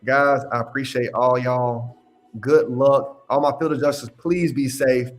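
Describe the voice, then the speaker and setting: A young man hosting a casual livestream Q&A as a mentor. He talks in an animated, slangy way, laughs often and repeats his phrases. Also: medium pitch, unhurried, soft background music. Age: young adult. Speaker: independent adjuster mentor hosting a live Q&A.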